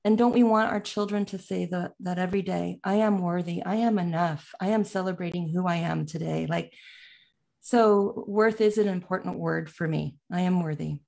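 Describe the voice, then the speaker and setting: A woman speaks as a guest coach in a casual chat. She sounds earnest and heartfelt, with a quick laugh. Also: fairly low pitch, vocal fry, warm tone.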